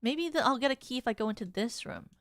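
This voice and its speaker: A woman's voice: a little high, expressive, fast talker, fairly bright tone. A young adult woman streaming a video game, casually chatting, reading in-game text aloud, swearing and laughing when surprised. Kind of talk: casual gameplay commentary.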